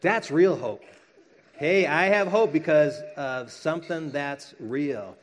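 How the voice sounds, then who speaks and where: A man's voice: a little high, takes it slowly. A middle-aged man preaching a sermon in a conversational way, acting out quoted voices with light jokes. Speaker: pastor.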